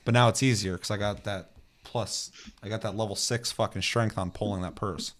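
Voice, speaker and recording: Casting note: man in casual gaming chat, low-pitched and loose, swears freely, drifts into tangents and plays out little scenes in goofy voices. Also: fairly even intonation, normal speed, fairly bright tone, slight background noise. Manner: rambling, profane, acts out funny voices in his stories. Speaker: podcast co-host.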